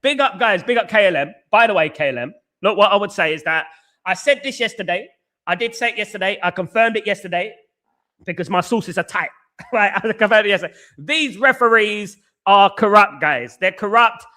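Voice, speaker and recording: Excitable male stream host, high and bright, chatty and repetitive. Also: brisk. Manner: excitable, repeats phrases, reads chat aloud. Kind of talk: casual live stream chat.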